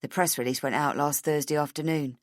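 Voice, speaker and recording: A woman narrator voicing a calm, firm middle-aged male boss who speaks in a measured, matter-of-fact way. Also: low voice, no echo, clean studio sound, close to an everyday voice.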